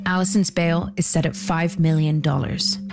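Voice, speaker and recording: A woman hosting a podcast, giving measured, scripted documentary narration. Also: low voice, steady tone, over music. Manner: measured, deliberate storytelling.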